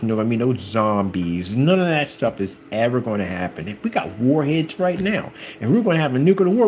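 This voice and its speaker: A man's voice: medium pitch, darkish tone, slight background noise, rough recording. Preachy man telling Bible stories. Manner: preachy, emphatic, acts out the characters in the stories. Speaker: channel host. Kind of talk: informal religious talk.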